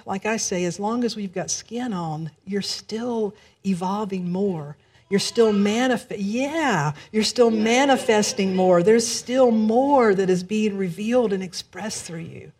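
A woman minister telling a story in a sermon, lively and quick to laugh. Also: mid-range voice, slightly rough.

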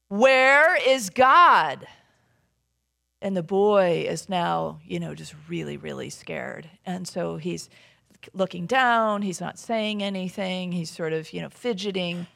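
A woman's voice: lowish voice, creaky. A woman minister giving a sermon in a conversational, storytelling way, often checking in with the congregation with little tag questions.

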